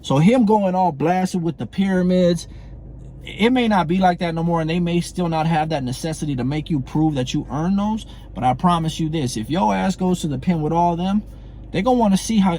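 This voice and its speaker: A middle-aged man speaks straight to camera in a heated, profane call-out. His voice sits a bit high for a man but has a mellow, warm tone. He hammers on the same points and keeps checking in with "you know what I'm saying.". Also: slight background noise. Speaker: former prison inmate calling out a comedian. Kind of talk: confrontational monologue to camera.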